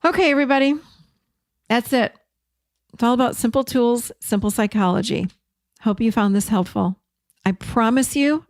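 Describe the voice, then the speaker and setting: A woman's voice: fairly high pitch, no echo. Emphatic self-help woman, dry sound. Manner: warm, direct, repeats words for emphasis. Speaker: host. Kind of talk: encouraging self-help talk.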